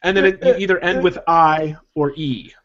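A man's voice: on the high side, fairly even intonation, normal speed, fairly bright tone. A man on a podcast, explaining things in a precise, lecturing way, in a dull, muffled recording. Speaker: podcast guest.

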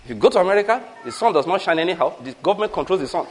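A Nigerian-accented male preacher with a notably high voice, delivering a sermon with lots of repetition. He drives points home with rhythmic lists and slips in humorous asides to the congregation. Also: expressive, rapid-fire, a faint crowd, low-quality recording.

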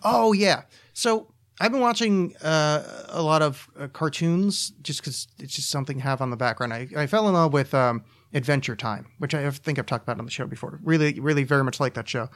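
A man hosts a solo podcast, ranting casually with profanity, restarts, and repeated words. His voice is a little high, a little fast, and fairly bright.

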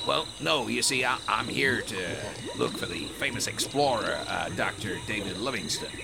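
Gravelly, prim, overly polite man. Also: on the low side, animated, moderate pace, very noisy. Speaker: comedy sketch performer. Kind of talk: comedy sketch acting.

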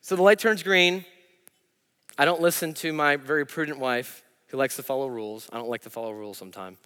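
A man's voice: mid-range voice, a little fast, sharp tone, clear, resonant tone. A man preaching a sermon as pastor, telling a self-deprecating story from his own life. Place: church. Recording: church hall reverb.

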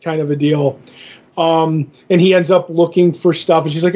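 A man's voice: a little high, level tone, moderate pace, dark tone, lo-fi sound. A man co-hosting a podcast, casually retelling a comic issue in a rambling way full of fillers and restarts. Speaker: podcast co-host. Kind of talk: casual comic book recap.

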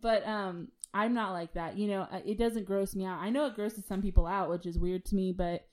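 A woman's voice: mid-range voice, fairly even intonation, brisk, over a noisy crowd. A young woman co-hosting a podcast in casual chat, laid-back and often hesitant. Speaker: podcast co-host.

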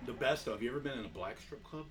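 A man's voice: medium pitch, expressive, quick pace, fairly bright tone, far from the mic. A man, a comedian guest, telling profane rambling stories in casual chat. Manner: rambling profane storytelling with many fillers.

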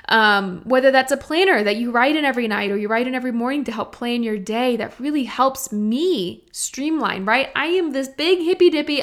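A young woman from Texas talks through her solo podcast. She sounds chatty and earnest, speaking straight to her listeners in a voice that sits a little high. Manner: warm, chatty and earnest, addressing listeners directly. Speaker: podcast host. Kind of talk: casual solo podcast talk.

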